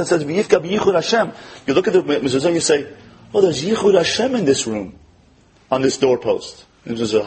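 A man giving a storytelling sermon as a religious teacher, acting out quotes with animation and dropping to soft, tender tones. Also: on the high side, low-quality recording.

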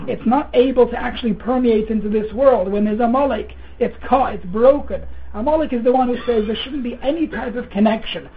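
Guy teaching torah, earnest, stumbles and repeats, clears throat, sounds tinny like a phone. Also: very high voice, a little hiss or hum. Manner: earnest, repeats words, mixes Hebrew terms into English, clears throat often. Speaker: rabbi giving a Torah lecture. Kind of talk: sermon.

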